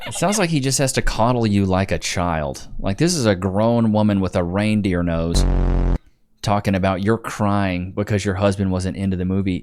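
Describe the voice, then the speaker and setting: A man's voice: lowish voice, lively intonation, fairly quick, a little mellow. A man hosting a reaction commentary, mocking and sarcastic as he picks apart a clip. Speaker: commentary host.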